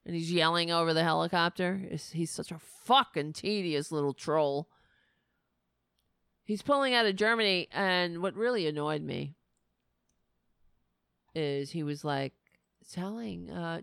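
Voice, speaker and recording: A woman's voice: on the low side, unhurried, vocal fry, a bit bright, no echo, clean studio sound. A woman hosting a political talk show, ranting with sarcastic, indignant anger and frequent swearing. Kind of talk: angry political commentary.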